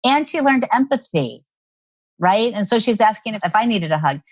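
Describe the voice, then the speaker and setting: In a clean recording at a normal pace, a medium-pitched woman appears as a parenting expert guesting on a podcast interview. She's an animated storyteller, acting out the voices of the people she quotes.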